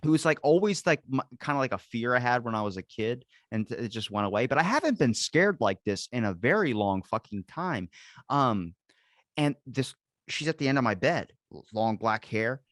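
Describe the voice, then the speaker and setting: Man, casual podcast host, rambling, swears a lot, mid-pitched voice, dry close sound. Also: sing-song, moderate pace, dry recording. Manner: rambling, profane storytelling. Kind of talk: casual chat. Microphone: video call.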